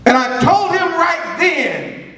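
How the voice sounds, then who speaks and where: A man preaching a sermon, calling out to the congregation and rising into shouts. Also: extremely high pitch, very animated, slow pace, far from the mic, soft background music. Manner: call-and-response preaching, swells to shouts. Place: congregation room. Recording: echoey room from off mic.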